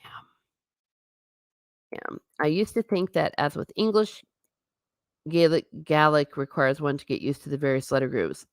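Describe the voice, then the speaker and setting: A woman, chatting casually on a stream and reading out viewer comments with a lively manner. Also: deep voice, normal speed, pauses often, no room sound, studio quality. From Ireland. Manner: chatty, animated, breaks into silly singing. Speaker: livestream host.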